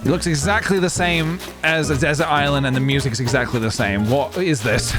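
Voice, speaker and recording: A man's voice: a little high, moderate pace. A man streaming a game live, chatting to viewers in a playful, giggly way. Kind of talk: casual live-stream chat while gaming. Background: game music.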